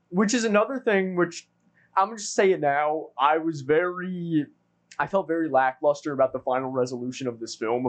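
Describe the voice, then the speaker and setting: Earnest man with a fairly high voice. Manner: earnest, builds points at length with asides. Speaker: podcast co-host. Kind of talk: casual film review discussion.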